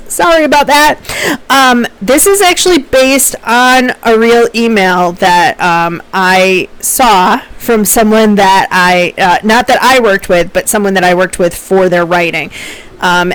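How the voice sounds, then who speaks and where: A woman's voice: mid-range voice, low-quality recording. A woman professor giving a recorded lecture in a conversational way, with fillers and small laughs.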